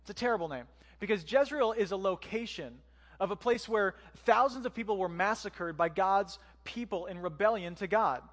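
A man's voice: sits high, moderate pace, a bit bright, big-room sound. A man giving a conversational sermon as pastor, using joking asides and rhetorical questions.

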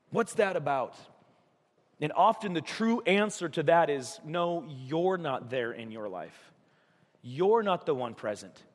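A man's voice: fairly high pitch, animated, measured pace, big-room sound. A man preaching a sermon as a pastor in a casual, conversational way. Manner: conversational, acts out voices in stories. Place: church.

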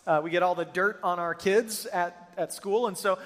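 A man's voice: high voice, fairly even intonation, normal speed, a bit bright. A middle-aged man preaching a sermon, telling stories in an emphatic, earnest way. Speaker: pastor. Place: church auditorium with hundreds present. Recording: long reverb of a large church hall.

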